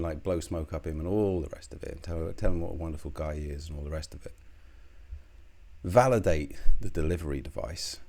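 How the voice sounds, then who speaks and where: A man's voice: sits low, darkish tone. A British man giving a solo political commentary, scornful and heated, swearing often.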